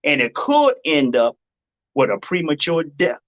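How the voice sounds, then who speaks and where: A man's voice: a little high, big pitch swings, a little slow, a bit bright, lo-fi sound. A man hosting a live-stream advice talk, blunt and preachy, hammering his points by repeating them. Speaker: dating advice host.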